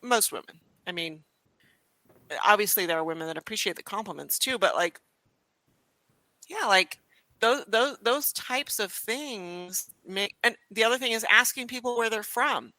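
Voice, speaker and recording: Young woman on a podcast, bright tone, dry close sound, tells stories with lots of you knows. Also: medium pitch, moderate pace, no echo, poor audio. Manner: animated storyteller, frequent restarts and "you know". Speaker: podcast guest. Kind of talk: casual conversation.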